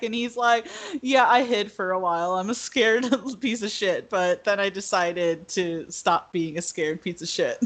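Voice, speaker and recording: A woman co-hosting a podcast in casual chat, animated, laughing often and acting out quotes. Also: medium pitch, unhurried. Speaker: podcast co-host.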